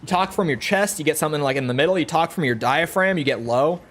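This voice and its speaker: Young man, twenties, rambling gaming streamer, speaks from his throat; a touch high-pitched. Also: fast talker, fairly bright tone. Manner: talks from the throat to project, chatty and rambling. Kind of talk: casual gaming stream chat.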